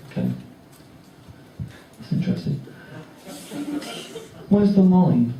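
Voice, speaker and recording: Rambling young stand-up, echoey room. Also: male voice, medium pitch, moderate pace, dull audio. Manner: rambling, self-interrupting, awkward deadpan. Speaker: stand-up comedian. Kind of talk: stand-up storytelling. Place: comedy club stage with audience laughing. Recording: echoey live room recorded from far off with noise.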